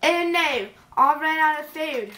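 A high-voiced woman narrates her game in a playful, silly voice, talking to the animals she meets. She speaks slowly and unhurriedly. The room around her sounds echoey, with a faint hiss underneath. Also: lively intonation, sharp tone. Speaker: gamer. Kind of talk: let's play commentary.

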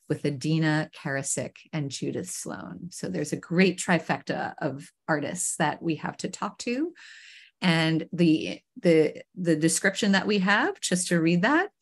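Woman host from Queens, lower-pitched, gushing and restart-prone, talking through a video call. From Queens, New York. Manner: enthusiastic, effusive, with frequent restarts. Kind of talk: hosting a live online talk show.

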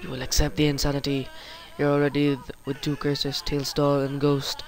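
A man voicing a sinister male clown monster who taunts with slow, menacing lines. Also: a little high, completely flat delivery, close to an everyday voice.

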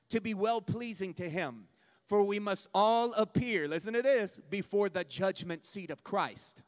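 A male pastor preaching a sermon, emphatic and building to shouts. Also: high voice. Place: church sanctuary. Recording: long reverb of a church hall.

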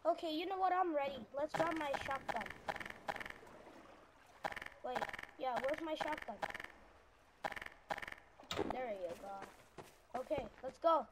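A high-pitched woman talks her way through a video game, stammering and breaking into yells at enemies. Loud game sound plays under her voice the whole time. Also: takes it slowly, pauses often, very noisy. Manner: excitable, stammering, yelling at enemies. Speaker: gameplay narrator. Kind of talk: let's-play commentary.

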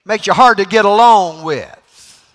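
Man preaching, folksy storyteller, somewhat high voice, big reverberant sanctuary. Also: unhurried. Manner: folksy, joke-telling, swings between loud and quiet. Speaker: guest preacher. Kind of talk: sermon. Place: church sanctuary. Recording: reverberant church hall.

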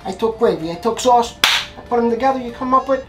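A man's voice: very high voice, fast, a bit bright, faint music behind, rough recording. A man hosting a cooking show, bantering in a joking, teasing way. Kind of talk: casual banter.

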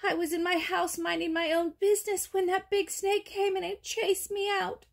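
A woman voicing a timid, trembling little rabbit in a storybook reading, pleading nervously in a high voice. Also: flat delivery, normal speed, creaky.

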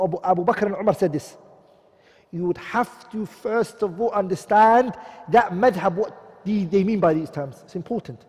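This male teacher speaks in a high, darkish voice with a breathy edge. He lectures a class, poses questions he then answers on his own, and says every key term twice, all under long hall reverb.

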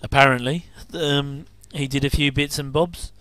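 A man's voice: a little high, steady tone, a little slow, a bit bright, no room sound. A man giving a casual, rambling commentary over an old TV episode, with frequent chuckling asides.

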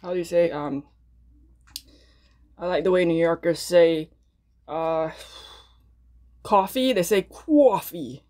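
A woman's voice: on the low side, steady tone, slow pace, pauses often, warm tone. A young woman chatting casually to her viewers between mouthfuls as she hosts an eating video. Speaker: mukbang eating channel host.

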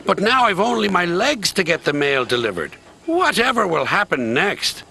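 A man's voice: high-pitched, big pitch swings, normal speed, creaky, pushed and bright, slightly rough, voice pushed up, heavily acted. A man playing a friendly, cheerful middle-aged male postman in a TV story, speaking in a homely, good-natured way over music.

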